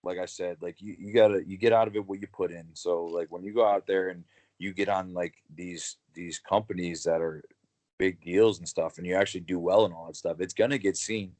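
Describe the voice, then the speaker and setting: Deep-voiced young wrestler, rambling. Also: male voice, steady tone, brisk, a little mellow. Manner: rambling, lots of like and uh, blunt. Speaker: wrestler, guest. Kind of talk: casual interview.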